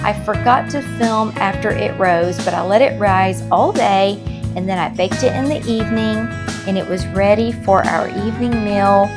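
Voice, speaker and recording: A middle-aged woman chatting casually as a crochet vlogger, rambling in a friendly way and talking straight to her viewers. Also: medium pitch.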